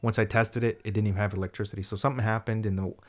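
A man in casual conversation tells a long, rambling story. He is animated and keeps slipping into quoted voices that leap in pitch and loudness. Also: racing. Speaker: storyteller in a chat.

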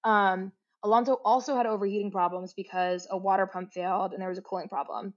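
A young woman co-hosting a casual sports podcast, chatty and quick to laugh. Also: mid-range voice, flat delivery. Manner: chatty, laughs often, fillers. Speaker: podcast co-host. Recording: slightly dull lo-fi audio.

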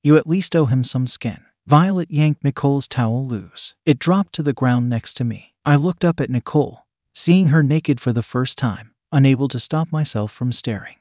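A man's voice: mid-range voice, animated, moderate pace, a little mellow, no echo, clean studio sound. A man reading a first-person story aloud in a plain, conversational way. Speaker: narrator.

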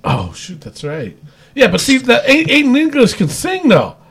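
A man's voice: very high-pitched, huge pitch swings, moderate pace, a bit bright. A man co-hosting a podcast, chatting casually and rambling through a wrestling recap with frequent restarts. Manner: rambling, restarts, laughs often. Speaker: podcast co-host.

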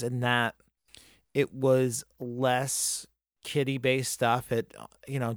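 A man's voice: medium pitch, dry recording, clean studio sound. A man hosting a podcast in casual chat, loose and thinking aloud, with some swearing. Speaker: podcast host.

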